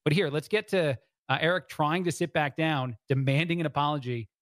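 A male fill-in radio host thinks aloud on air, circling back on himself with fillers and restarts. His voice sits slightly high for a man. The studio sound is dry and close. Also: brisk, no echo. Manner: rambling, frequent "uh" fillers and restarts. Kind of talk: talk radio commentary.

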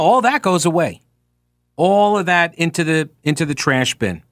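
Man, talk radio host, slightly high voice, casual commentary, sarcastic asides, dry close studio sound. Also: lively intonation, moderate pace, a bit bright, no room sound. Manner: conversational, reads quoted passages with sarcastic asides.

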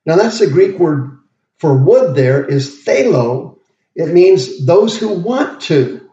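Slow-preaching man, roomy dull sound. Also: a little high, sing-song, dark tone. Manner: slow, deliberate, pauses to explain words. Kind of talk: verse-by-verse sermon teaching. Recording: roomy, dull lo-fi podcast audio.

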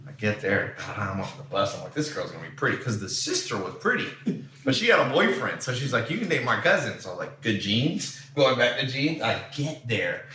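A man's voice: lowish voice, big pitch swings, fairly quick, bright, forceful tone, echoey room, recorded from a distance. A man from San Diego telling blunt, rambling stories as a podcast host in casual chat. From San Diego, USA.

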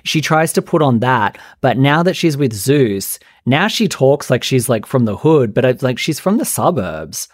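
A man hosts a podcast in a loose, gossipy chat, his talk studded with "like" and quick asides. His voice sits at an ordinary middle pitch. The sound is dry and close, with no room around it. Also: sing-song, no room sound. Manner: chatty, gossipy, lots of "like" fillers. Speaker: podcast host.

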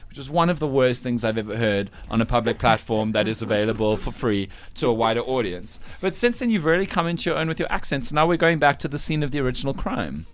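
A man hosting a radio breakfast show, teasing and lively, with quick asides. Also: mid-range voice.

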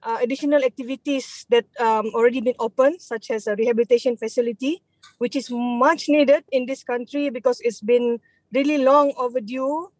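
A woman's voice: on the high side, fairly even intonation, a little fast, a little mellow, no echo, poor audio. Hesitant Malaysian woman conservationist. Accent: Malaysian English. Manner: hesitant, many fillers and restarts. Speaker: conservation group president. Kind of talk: guest on a radio interview.

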